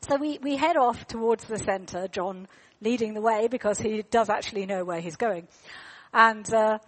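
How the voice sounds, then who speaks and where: A woman's voice: medium pitch, a little slow, a bit bright. Chatty woman preaching. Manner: chatty, with fillers and repeated words. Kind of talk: storytelling sermon.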